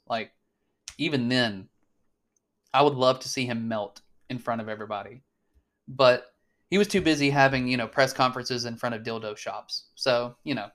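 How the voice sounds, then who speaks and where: A man's voice: medium pitch, a bit bright. A man co-hosting a casual political chat, blunt and swearing often, with lots of fillers and restarts. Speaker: podcast co-host.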